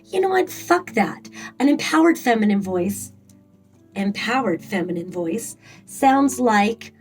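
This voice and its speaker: A woman's voice: medium pitch, expressive, unhurried, faint music behind, poor audio. A woman giving a casual tarot reading in a rambling way, with frequent fillers and blunt swearing. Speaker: tarot reader.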